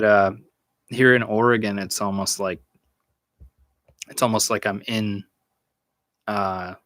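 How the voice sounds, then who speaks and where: A young man hosting a podcast, answering chat questions in a rambling, halting, profane way and laughing often. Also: lowish voice, fairly bright tone, dry recording. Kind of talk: casual live Q&A chat.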